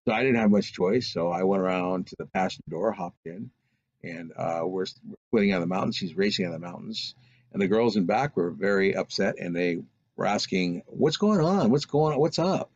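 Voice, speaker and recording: Husky-voiced man rambling through a story. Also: low voice, fairly even intonation, fairly quick, no echo. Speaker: storyteller recounting a personal experience. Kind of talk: casual spoken anecdote. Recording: dull lo-fi recording.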